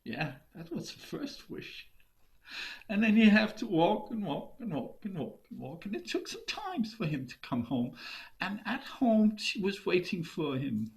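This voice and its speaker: A man telling a folk tale over a video call, dramatic and shifting between loud and hushed delivery. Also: sits high, very animated, unhurried, vocal fry. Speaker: storyteller. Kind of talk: oral folk storytelling.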